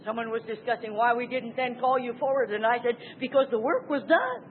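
A woman preaching a sermon, emphatic, swinging from loud exclamations to hushed asides. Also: fairly high pitch, animated, a little fast. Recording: tinny phone-like sound with faint noise.

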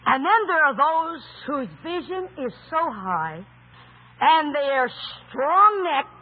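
A man preaching a sermon in an emphatic storytelling style, with rhetorical questions, and raising his voice to a shout for stress. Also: extremely high pitch, very animated, takes it slowly. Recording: tinny phone-like sound.

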